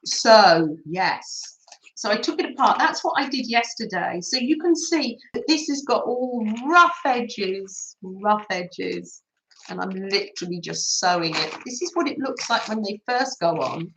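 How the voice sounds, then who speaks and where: A woman's voice: medium pitch, lively intonation, unhurried, a bit bright, a little hiss or hum. A woman from England hosting a craft livestream, chatting casually with viewers while she sews and laughing often. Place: home room. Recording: echoey room.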